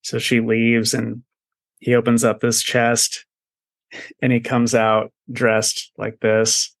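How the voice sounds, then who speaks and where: A man's voice: medium pitch, monotone, slow pace, gravelly, no room sound. A man co-hosting a podcast, talking casually about comics in a laid-back way, swearing and laughing often. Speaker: podcast co-host. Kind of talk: casual comic review chat.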